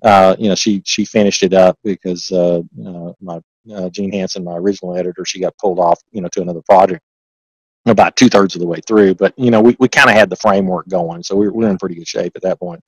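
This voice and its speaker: A low, husky male voice with a steady tone and quick pace, recorded roughly with no echo. He's a Southern-accented author and accountant appearing as an interview guest, chatting casually in a folksy, rambling way with lots of restarts, growing emphatic when making a point.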